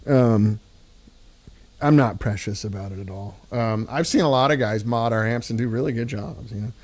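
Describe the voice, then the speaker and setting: A man's voice: lowish voice, moderate pace. A man hosting a casual livestream, chatting loosely with viewers and using many filler words. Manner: relaxed, rambling, answers chat with filler words. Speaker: livestream host and amp builder. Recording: loud guitar amp playing behind. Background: electric guitar through amp.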